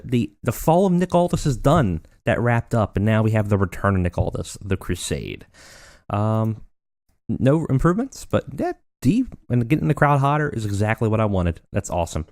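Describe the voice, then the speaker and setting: Male let's-play host; casual, meandering commentary, low voice, dry close recording. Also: no room sound. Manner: relaxed, rambling, filler-heavy narration.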